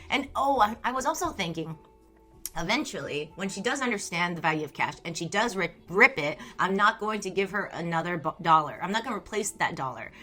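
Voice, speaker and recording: Young woman streamer just chatting w viewers, bright voice, laughs a lot, rambly stories. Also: on the low side. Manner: chatty, laughs often, reads chat messages aloud. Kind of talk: casual live-stream chat.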